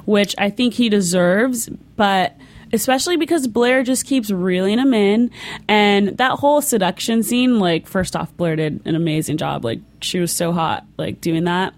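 A woman co-hosting a television aftershow who talks like an excited fan. She is giggly and enthusiastic, and her voice sits at an everyday middle pitch. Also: moderate pace. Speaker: co-host of a TV aftershow. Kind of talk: casual gossip chat.

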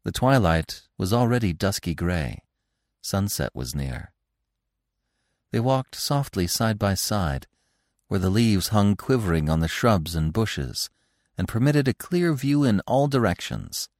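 A man reading a classic story aloud as a narrator, expressive and animated. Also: on the low side, unhurried, dry recording, studio quality. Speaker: audiobook narrator.

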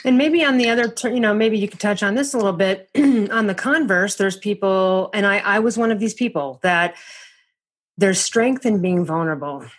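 A woman's voice: medium pitch, normal speed, husky. A woman hosting a podcast interview, talking in a reflective, searching way and often restarting her thoughts. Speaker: podcast host.

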